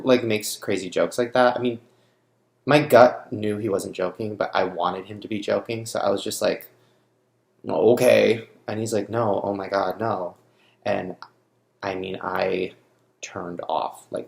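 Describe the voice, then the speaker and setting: A young man speaks straight to camera in a personal vlog, shaken by grief. His voice sits low with a gravelly fry, and his sentences break off and restart. The sound bounces around a roomy space. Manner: grieving, halting, restarts often. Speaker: vlogger.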